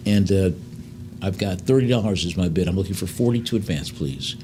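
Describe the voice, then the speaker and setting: A man working as an auctioneer in a live sale, reading out lot descriptions and then calling bids in quick runs. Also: sits low, animated, background noise. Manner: fast bid calls between slower lot descriptions, with fillers.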